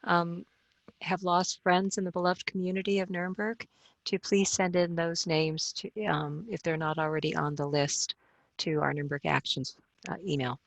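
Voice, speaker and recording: A woman's voice: lowish voice, little pitch movement, moderate pace, creaky, no room sound. A woman hosting a video-call reunion, introducing speakers in a brief, informal way. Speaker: host.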